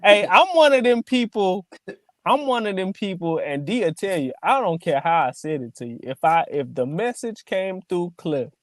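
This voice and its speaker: A man's voice: high voice, lively intonation, normal speed, no echo, clean studio sound. A man on a relationship panel, speaking in a laid-back, slangy way. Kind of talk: casual panel chat.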